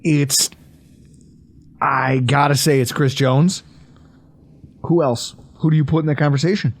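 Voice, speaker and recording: A man hosting a podcast, talking about football in a joking, animated way with quick asides. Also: a little high. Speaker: podcast host. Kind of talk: casual sports chat.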